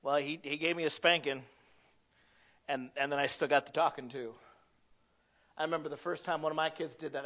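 A middle-aged man preaching a sermon, swinging from loud to hushed. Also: on the high side, fairly even intonation, brisk, pauses often, lo-fi sound. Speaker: pastor.

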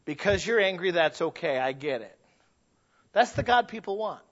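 A pastor preaches in a high-pitched voice, moving between easy conversation and emphatic points. He often restarts his sentences. The recording sounds dull and lo-fi. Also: lively intonation, normal speed, a bit bright. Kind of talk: sermon.

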